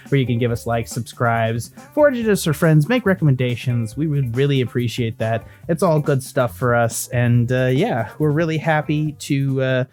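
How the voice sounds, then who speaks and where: A man's voice: mid-range voice, a little mellow. A man narrating a tabletop game as dungeon master and podcast host, rambling with plenty of fillers.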